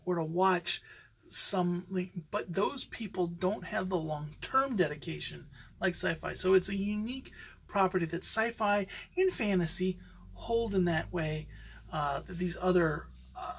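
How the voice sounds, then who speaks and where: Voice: medium pitch, fairly bright tone, slightly rough, poor audio. A podcast host talking in a casual, opinionated way, rambling with many fillers and restarts. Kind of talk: casual solo podcast commentary.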